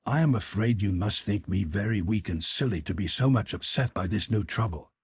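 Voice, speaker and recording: A man's voice: on the low side, brisk, a little mellow, slight background noise, close to an everyday voice. A man voicing a shaken young woman who speaks with fretful worry. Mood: distressed.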